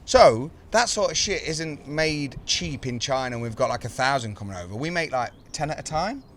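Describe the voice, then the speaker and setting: A man with a Birmingham accent, hosting a casual podcast chat and telling sweary, animated stories. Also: mid-range voice, moderate pace, a little hiss or hum. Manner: sweary, storytelling with put-on voices. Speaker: podcast host.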